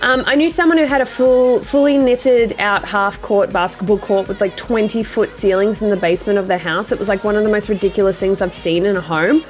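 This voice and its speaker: An Australian woman streaming, chatting casually with her viewers, animated, swearing freely and laughing often. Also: mid-range voice, fairly quick, hardly any pauses, faint music behind.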